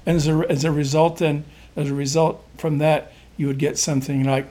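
A man in an interview, explaining folk music in a halting, rambling way and often restarting his sentences. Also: a little high, level tone, dark tone. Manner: halting, rambling, searches for words with many restarts.

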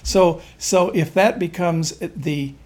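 A man in an interview, explaining folk music in a halting, rambling way and often restarting his sentences. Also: on the high side, darkish tone. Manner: halting, rambling, searches for words with many restarts.

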